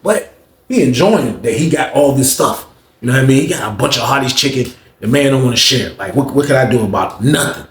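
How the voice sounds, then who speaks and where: Fast-talking man telling a story. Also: mid-range voice. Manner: animated, slangy, acts out quotes. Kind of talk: casual storytime. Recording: roomy echo with faint ambience.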